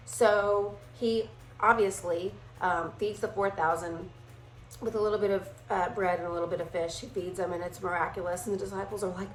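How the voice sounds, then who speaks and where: A woman leading a casual Bible study, talking in a chatty, animated way and briefly acting out playful voices. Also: medium pitch, normal speed, reverberant, a little hiss or hum, rough recording.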